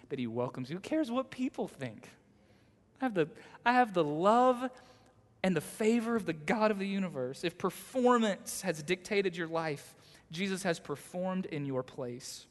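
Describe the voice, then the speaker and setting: A male pastor preaching a sermon, swinging between loud, emphatic exhortation and soft, close delivery. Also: mid-range voice. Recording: long hall reverb.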